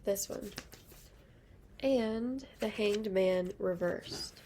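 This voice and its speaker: A woman's voice: mid-range voice, extremely slow, warm tone, a little hiss or hum. A young woman giving a casual, rambling tarot reading to her viewers. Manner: chatty, rambling, lots of fillers. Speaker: tarot reader.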